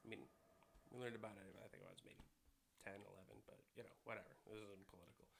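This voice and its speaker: A man's voice: lowish voice, fairly even intonation, fast, vocal fry, a bit bright, slight background noise. A man casually reading jokes aloud at home to his young son, adding wry asides. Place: home, by a high chair.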